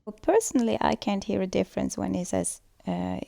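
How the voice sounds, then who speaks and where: A woman's voice: medium pitch, expressive, a little fast, gravelly, few pauses, mellow, no room sound, studio quality. A woman giving a scripted student presentation on pronunciation, explaining steadily with occasional fillers. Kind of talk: school presentation voice-over.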